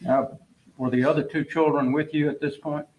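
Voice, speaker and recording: A man questioning a witness in court as an attorney, in short measured questions. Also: fairly high pitch, fairly even intonation, darkish tone, lo-fi sound, slight background noise.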